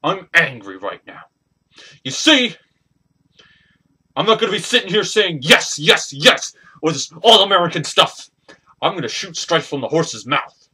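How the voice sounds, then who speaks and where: A man cutting an angry, ranting wrestling promo as a hobby performer, swinging between loud bursts and quiet mutters. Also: a little high, big pitch swings, normal speed, pauses often, husky.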